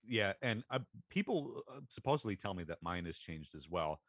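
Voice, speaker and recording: American guy on a podcast, kinda low voice, rambly with lots of ums, dry mic. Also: normal speed, dry recording. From Pennsylvania, USA. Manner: relaxed, rambling, many fillers. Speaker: podcast co-host. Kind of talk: casual chat.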